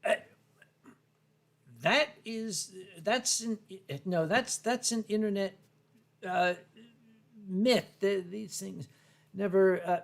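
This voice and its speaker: Older man host, stammering, high-voiced. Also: slow, creaky, pauses often. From United States. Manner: rambling, stammering, self-deprecating. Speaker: livestream host. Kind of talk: casual chat reading viewer comments.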